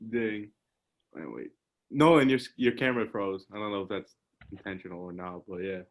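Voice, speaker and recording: A man's voice: on the low side, fairly quick. Rambling young male podcast host. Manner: rambling storyteller, laughs often, says "like" a lot. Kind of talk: casual chat. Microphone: video call.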